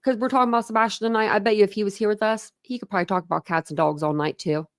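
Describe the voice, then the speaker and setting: A woman's voice: mid-range voice, racing. A woman at home, chatting casually on her livestream, rambling from one thought to the next and laughing often. Her voice sits mid-range and sounds close and dry, with no room echo. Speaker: true crime livestream host. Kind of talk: casual livestream chat greeting viewers.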